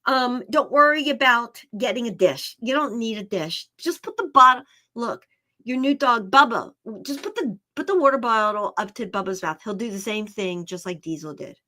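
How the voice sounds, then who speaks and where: Lively, chatty woman animal communicator. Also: a little high, moderate pace. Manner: lively, chatty, laughs often, repeats herself. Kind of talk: live-stream reading.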